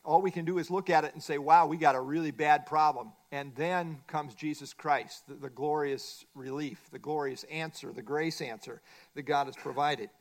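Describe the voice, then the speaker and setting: A middle-aged man teaching Bible study walks the class through a workbook page after page, speaking at normal speed. His voice is a touch high for a man, and he insists on his key points, repeating them repeatedly.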